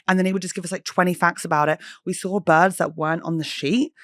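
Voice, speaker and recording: An English woman in her thirties hosting a solo podcast, telling stories in an animated, chatty way, swearing freely and mimicking people. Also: on the low side, very fast, hardly any pauses, no room sound, clean studio sound. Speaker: podcast host.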